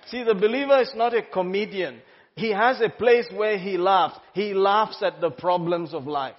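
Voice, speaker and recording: A pastor preaching an exuberant, laughing sermon in a large church hall. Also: male voice, high voice, moderate pace. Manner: exuberant, laughing, exclaims hallelujah. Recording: muffled sound, long hall reverb.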